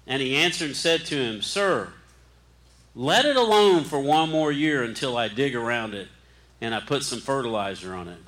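A man's voice: mid-range voice, expressive, moderate pace, a bit bright, rough recording. A middle-aged man preaching a sermon, urging his listeners with fervent repeated commands.

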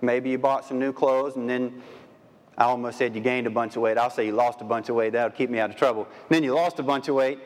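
Preacher, male, mid-pitched, conversational sermon full of rhetorical questions, long reverb from a large hall. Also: steady tone, fast. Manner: asks the audience many rhetorical questions. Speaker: pastor.

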